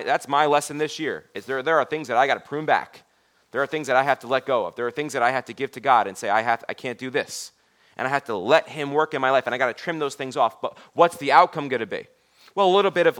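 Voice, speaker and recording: A man preaching a sermon in church, in a conversational way, often repeating his words. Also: fairly high pitch. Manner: conversational, repeats words, drops to a soft voice for quoted lines.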